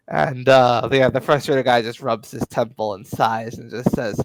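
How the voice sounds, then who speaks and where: A man's voice: mid-range voice, fairly even intonation, normal speed, hardly any pauses, no room sound, rough recording. A man narrating as game master in a tabletop game, rambling with many fillers.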